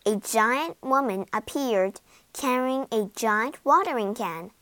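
A woman reads a children's story aloud in a high, animated voice. She takes her time, giving each line a dramatic lift. The recording is dry and close. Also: slow, no room sound. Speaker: narrator. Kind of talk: storybook narration.

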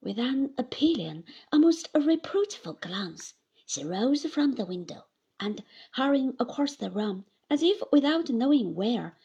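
A woman narrating a classic novel aloud in a measured, gentle manner. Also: fairly high pitch, gravelly, slightly rough. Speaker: audiobook narrator.

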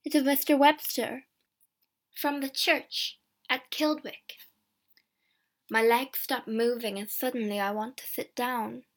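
Slow deliberate woman reading a storybook. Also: fairly high pitch, steady tone. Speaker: audiobook narrator. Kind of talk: slow first-person storybook narration.

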